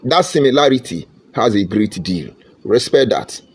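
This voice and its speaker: Emphatic Nigerian man, animated pitch. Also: normal speed, husky. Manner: preachy, repetitive, emphatic. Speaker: online commentator. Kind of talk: impassioned monologue.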